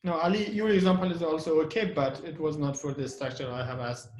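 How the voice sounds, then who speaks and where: A man teaching an English grammar lesson, repeating example sentences slowly with heavy stress and often restarting his words. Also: a little high, steady tone, a little mellow, echoey room. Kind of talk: online class lesson.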